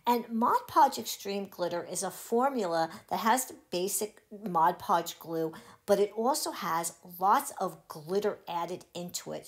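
A woman hosting a craft tutorial, cheerfully talking viewers through each step. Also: on the low side. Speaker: crafting channel host.

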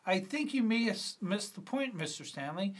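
A man's voice: high voice, lively intonation, normal speed, pitched above the performer's own voice. A man reading as a patient teacher. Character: adult male schoolteacher, patient. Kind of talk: screenplay reading.

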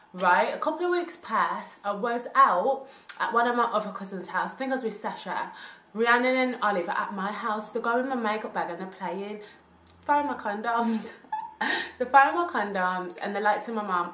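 A young woman, telling a storytime vlog tale in animated, slangy talk with laughs. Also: mid-range voice, normal speed, slight background noise. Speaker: vlogger. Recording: roomy echo.

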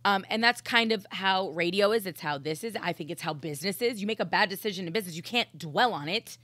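A woman's voice: medium pitch, quick pace, fairly bright tone, dry recording. A woman who co-hosts a podcast and a morning radio show, talking in an intense, blunt, profane way in a casual chat. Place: studio.

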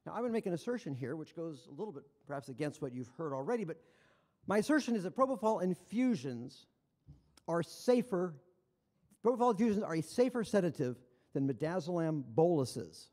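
A man delivers a conference lecture, his voice sitting high. He sounds enthusiastic and conversational and drops wry asides. A long reverb trails off his words in the large hall. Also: big pitch swings, a little fast, a little mellow.

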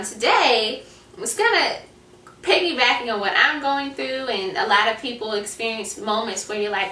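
Woman host, young adult, earnest and prayerful, bright tone, echoey room heard from a distance. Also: mid-range voice, a little hiss or hum. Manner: earnest, prayerful, with frequent fillers. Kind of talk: faith-based talk show chat and poetry reading.

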